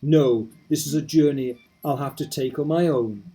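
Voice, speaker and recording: A man reading aloud in his own voice as a determined young game hero, steady and earnest. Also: mid-range voice, moderate pace, breathy edge, faint music behind, close to an everyday voice, low-quality recording. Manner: steady, earnest narration of resolve.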